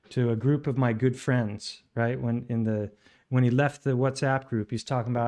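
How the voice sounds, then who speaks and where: A man's voice: medium pitch, fairly even intonation, normal speed, warm tone. Sarcastic indignant streamer man. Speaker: streamer commenting on a played clip. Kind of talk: live stream commentary.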